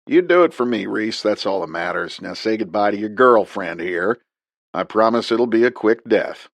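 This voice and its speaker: A man doing a gruff old rancher. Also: lowish voice, animated, normal speed, no room sound. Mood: wry. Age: 60s. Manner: blunt, dry humor. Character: gruff older male rancher, blunt and wry.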